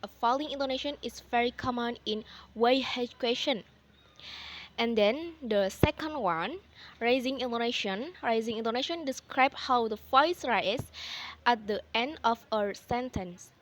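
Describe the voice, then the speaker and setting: A woman's voice: fairly high pitch, measured pace, fairly bright tone. A young woman with an Indonesian accent giving a student presentation, reading carefully and often saying "okay". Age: young adult. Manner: careful, read-aloud delivery with frequent "okay". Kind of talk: classroom presentation.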